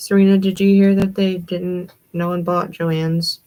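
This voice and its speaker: A woman's voice: on the low side, flat delivery, measured pace, mellow, poor audio. A young woman with a Southern accent hosting a livestream, chatting in a rambling way and answering comments from her viewers. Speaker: livestream host. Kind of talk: casual chat with viewers.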